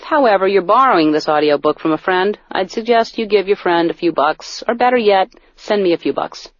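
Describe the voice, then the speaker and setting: A middle-aged woman reading her own comic audiobook in a deadpan, self-mocking way, close to the mic. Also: medium pitch, dry recording. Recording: dull, dry studio recording.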